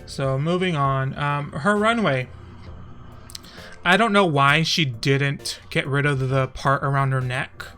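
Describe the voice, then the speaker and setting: A man's voice: mid-range voice, takes it slowly, bright, forceful tone, soft background music. A young man from Texas chatting casually on his stream, often laughing and trailing off mid-thought.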